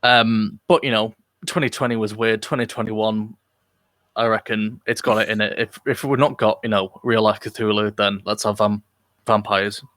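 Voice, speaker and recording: A man's voice: fairly low pitch, fairly even intonation, moderate pace, fairly bright tone, no echo. A man from Britain co-hosting a podcast live, chatting casually, rambling with lots of fillers and restarts, joking along. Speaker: podcast co-host. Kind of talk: casual chat. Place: live online podcast recording.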